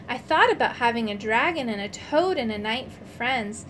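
A woman reading a children's book aloud in an expressive storytelling manner, changing her voice for the quoted lines. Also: fairly high pitch, normal speed, hardly any pauses, slight background noise. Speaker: audiobook reader.

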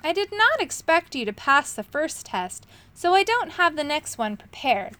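A woman's voice: high-pitched, very animated, normal speed, sharp tone, dry recording, pitched above the performer's own voice, exaggerated voice. A woman voicing a scheming male magician villain, reading with a sneering, mocking manner for a storybook. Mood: smug.

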